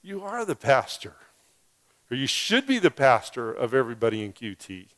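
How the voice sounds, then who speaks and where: A man's voice: mid-range voice, sing-song, normal speed, fairly bright tone. A male pastor preaching a sermon through a personal story, with humorous, self-deprecating asides.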